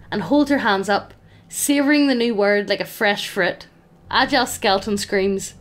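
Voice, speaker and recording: A woman runs a tabletop game as game master, narrating the scene in a playful, amused way. Her voice sits at a middle pitch. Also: normal speed.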